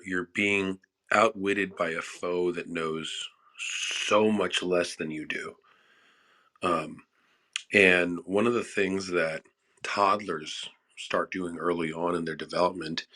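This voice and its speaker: A man's voice: deep voice, bright, forceful tone. A man speaking as a guest in a casual online discussion, explaining his point thoughtfully and repeating words as he thinks. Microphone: phone app audio chat.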